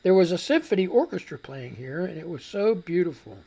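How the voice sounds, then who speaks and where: A woman's voice: lowish voice, sing-song, brisk, gravelly, mellow, husky. Brief: woman host of a live radio news show, rambling and riled up. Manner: rambling, growing angry and exasperated.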